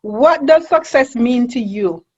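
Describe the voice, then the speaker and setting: A woman's voice: on the high side, lively intonation, slow, slightly rough. A woman in her forties hosting a casual interview, asking friendly questions and laughing easily. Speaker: interview host. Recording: dull lo-fi audio.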